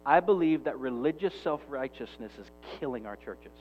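A man's voice: mid-range voice, animated, normal speed, darkish tone. Brief: male pastor, emphatic conversational sermon, dull lo-fi recording with faint music underneath.

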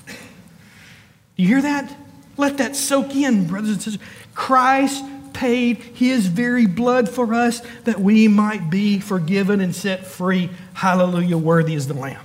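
A man's voice: sits high, long reverb tail. A man preaching a sermon as pastor, building emphatic lists and calling out to the congregation. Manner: preaching with rising emphatic calls and quick asides.

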